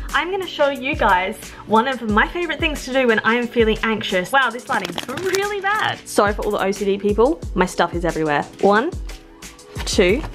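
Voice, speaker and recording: A woman's voice: a little high, fairly bright tone. Frank rambling young woman vlogger. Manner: rambling, frank, self-mocking. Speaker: vlogger and childminder. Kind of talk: candid talk to camera. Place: home, moving between rooms.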